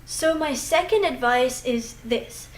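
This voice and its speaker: A woman teaching an English pronunciation lesson, slowly and carefully demonstrating example phrases. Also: high voice. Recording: echoey room with faint background noise.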